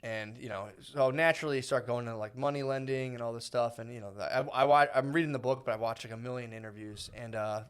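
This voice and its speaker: A man's voice: medium pitch, fairly even intonation, quick pace, few pauses, smooth. A man in his thirties co-hosting a podcast, rambling through stories in casual banter, swearing and acting out voices. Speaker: podcast co-host.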